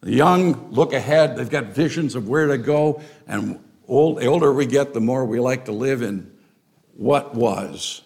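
Older male pastor, gravelly, unhurried, emphatic sermon delivery. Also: medium pitch, a little mellow. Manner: deliberate, emphatic preaching with rising stresses. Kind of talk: expository sermon.

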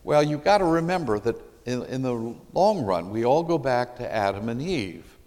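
A man's voice: mid-range voice, lively intonation, normal speed, darkish tone. A man from Michigan, preaching a sermon and putting questions to his congregation. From Michigan, USA. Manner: emphatic, puts questions to the congregation. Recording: long hall reverb.

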